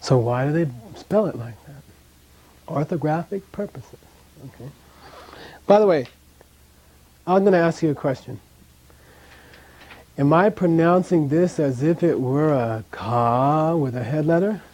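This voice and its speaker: A man's voice: on the high side, measured pace, pauses often, a little mellow. A man teaching a language class in a classroom, chatty, often checking in with "okay?" and drilling pronunciation.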